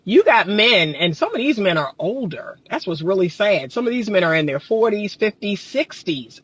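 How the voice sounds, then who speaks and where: A man's voice: high voice, fairly bright tone, dry recording. A man working as a relationship coach and counselor, talking casually and passionately to viewers while he gets riled up. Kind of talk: casual livestream talk to viewers. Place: in a car, driving.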